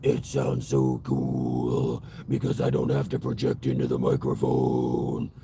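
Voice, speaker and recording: A man imitating a smug male metal singer with a low, mocking drawl. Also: a little slow, gravelly, warm tone, slight background noise, exaggerated voice.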